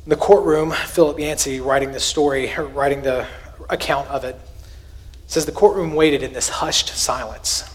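A man, preaching a sermon in an earnest, conversational way, with emphatic rises and quiet asides. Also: mid-range voice, fairly even intonation, moderate pace. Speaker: pastor.

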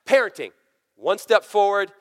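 A man in his thirties preaching a conversational, energetic sermon full of family stories. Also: high voice, normal speed. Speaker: pastor. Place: church sanctuary. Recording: long hall reverb.

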